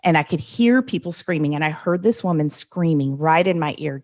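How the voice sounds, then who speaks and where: A woman in her fifties, a podcast guest, telling a personal story in an earnest, vivid, unhurried way. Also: deep voice, lively intonation, a little mellow.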